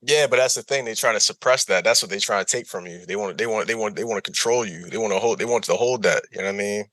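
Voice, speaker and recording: A man's voice: lowish voice, fast talker, fairly bright tone, no room sound. A man co-hosting a podcast in casual chat, rambling and repeating himself, laughing often. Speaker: podcast co-host. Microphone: remote recording.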